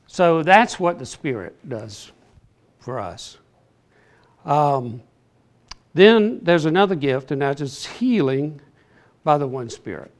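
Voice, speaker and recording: An older man leads a casual Bible class, his voice sitting a little high for a man. He talks slowly and plainly, with an earnest, halting manner as he works through scripture. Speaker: Bible study teacher. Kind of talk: informal Bible class teaching.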